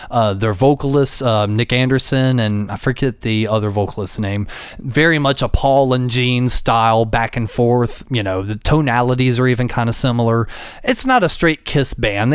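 A man's voice: medium pitch, clean tone, no echo, studio quality. A man hosting a podcast in loose, profane casual chat, laughing often. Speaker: podcast host.

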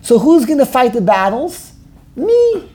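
A man teaching a Talmud class, animated and exclamatory, full of rhetorical questions. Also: high voice, moderate pace.

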